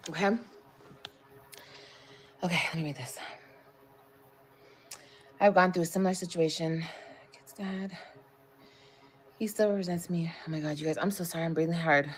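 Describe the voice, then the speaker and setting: A woman's voice: fairly low pitch, steady tone, normal speed, pauses often, a little hiss or hum. A woman talking casually on a livestream, blunt and heavy on swearing as she vents to her viewers. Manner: blunt and profane, emphatic venting.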